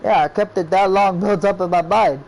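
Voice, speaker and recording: This game creator's voice sits high and is a little mellow, moving at normal speed on a low-quality recording. He rambles casually about making his game, quoting his friends again and again with a steady stream of "I was like."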